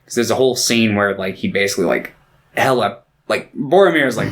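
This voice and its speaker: A man's voice: on the low side, brisk, a bit bright. A man co-hosting a movie podcast, retelling scenes in loose, profane casual chat and briefly putting on character voices. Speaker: podcast co-host.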